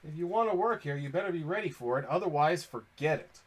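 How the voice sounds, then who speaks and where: Gruff, lecturing middle-aged dad, put on by a man reading a game aloud. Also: a little high, animated, fast. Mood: scolding. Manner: scolding, blunt, lecturing. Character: gruff middle-aged fish shop father, stern.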